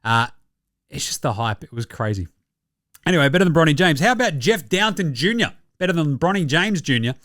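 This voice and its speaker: Casting: Australian male sports-pod host, sweary and sarcastic, slightly high voice, dry close mic. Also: sing-song, fairly quick, a bit bright, dry recording. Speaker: basketball podcast host. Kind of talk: casual sports commentary rant.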